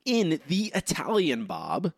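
A man co-hosting a casual podcast and running a trivia quiz, teasing his partner with quick asides. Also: fairly high pitch, wildly swooping pitch, gravelly, no room sound, clean studio sound. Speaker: podcast co-host and quiz master.

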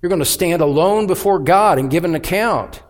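Man, pastor, sermon, higher-pitched voice, earnest, urgent, emphatic. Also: expressive, moderate pace.

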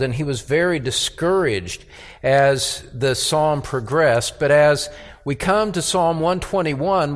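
Slow-preaching man in a reverberant hall. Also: mid-range voice. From United States. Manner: slow, deliberate, repeats key words for emphasis. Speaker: pastor. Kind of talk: expository sermon. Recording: long reverb of a church hall.

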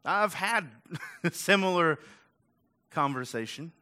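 A man's voice: on the high side, expressive, slow, pushed and bright, smooth. A male pastor giving a chatty, conversational sermon full of asides and rhetorical questions. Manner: casual, chatty and self-deprecating, with frequent "like" and "right?".

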